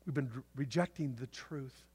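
A man preaching a sermon to his church, swinging from loud, emphatic declarations to hushed asides. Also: mid-range voice, normal speed, slightly rough. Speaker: pastor. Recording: long hall reverb.

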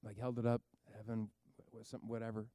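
A man preaching a sermon, telling a story with lively asides and acting out the people in it. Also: lowish voice, fast talker, no room sound. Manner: animated storytelling, acts out characters, rambling asides. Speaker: pastor.

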